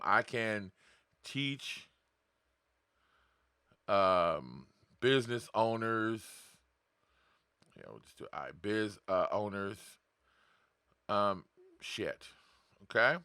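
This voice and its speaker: Brief: casual male podcast host, blunt and profane, bright forceful tone, dry close sound. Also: mid-range voice, no room sound. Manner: blunt, profane, talks straight to viewers with rhetorical questions; acts out voices of others in quotes. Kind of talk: casual unscripted monologue.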